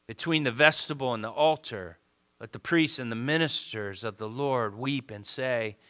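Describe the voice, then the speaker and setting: With a mid-range voice at a moderate pace, a male preacher delivers a sermon that moves between booming, fervent exhortation and quiet pleading. When moved, he tends to repeat his words.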